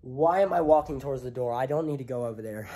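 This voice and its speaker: Congested teen guy, home vlog, handheld cam, loud rambling delivery. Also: mid-range voice, fast talker. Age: young adult. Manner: rambling, filler-heavy, talking extra loud. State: sick and congested. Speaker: vlogger. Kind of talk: casual vlog. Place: home, indoors. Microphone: handheld camera.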